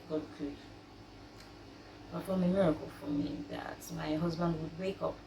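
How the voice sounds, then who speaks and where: A young woman telling her own story of grief with faith, speaking softly and haltingly, with many pauses and fillers. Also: low voice. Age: young adult. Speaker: vlogger sharing her grief. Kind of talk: personal faith testimony. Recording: roomy, distant mic, faint noise.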